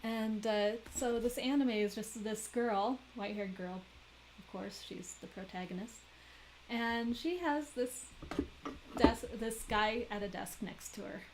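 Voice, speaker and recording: A woman's voice: a little high, measured pace, background noise. A woman chatting in a rambling, giggly way during a crafting live stream. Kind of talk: casual chat while weaving.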